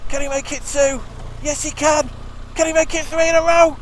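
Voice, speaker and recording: Excitable sports commentator, put on by a man, high and cheering over roaring traffic. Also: normal speed. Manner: rising, cheering play-by-play. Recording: loud road and engine noise.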